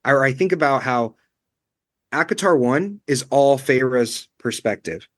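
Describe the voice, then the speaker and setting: A man's voice: medium pitch, expressive, measured pace, no room sound, studio quality. Chatty man in a casual book chat. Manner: chatty, fills with "you know" and "um". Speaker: book club co-host.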